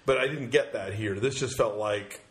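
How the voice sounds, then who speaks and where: A man's voice: on the low side, moderate pace. Opinionated man reviewing films. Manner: blunt, opinionated, many ums and uhs. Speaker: film critic co-host. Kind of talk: casual film review chat.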